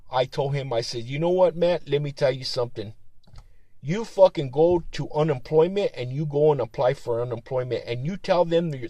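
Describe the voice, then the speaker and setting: A man's voice: a little high, mellow, no echo. A man venting in a rambling, profane, heated monologue about his job as a security guard supervisor.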